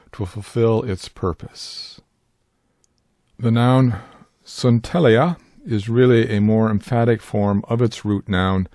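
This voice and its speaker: A man giving a scripted Bible word study, speaking in a measured, deliberate way and pronouncing Greek terms with care. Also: mid-range voice, mellow, no room sound, studio quality. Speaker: Bible teacher.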